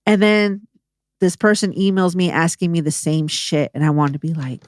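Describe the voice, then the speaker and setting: A woman with a fairly low voice, chatting casually as a podcast co-host. She tells stories in an animated, profane way, slipping into quoted voices. The sound is dry and close. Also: normal speed, no room sound.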